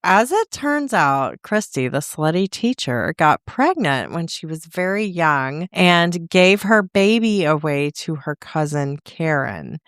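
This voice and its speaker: A woman co-hosting a casual podcast, recapping a book with animated storytelling and quick character voices. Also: low voice, no room sound, clean studio sound. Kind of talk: casual chat.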